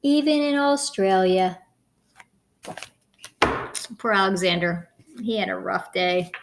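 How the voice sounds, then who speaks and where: A woman reading a children's picture book aloud, expressive and playful, stopping to comment on the pictures. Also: medium pitch, takes it slowly, gravelly, slight background noise. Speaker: storybook reader.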